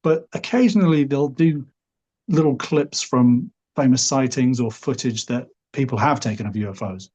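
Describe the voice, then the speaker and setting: A husky-voiced man with a Liverpool accent tells a story at an easy pace. He rambles and hedges, slipping in "sort of" and "you know" as he goes. He sounds middle-aged and relaxed. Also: mid-range voice, moderate pace, lo-fi sound. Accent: Liverpool English. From Liverpool, England. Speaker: podcast guest.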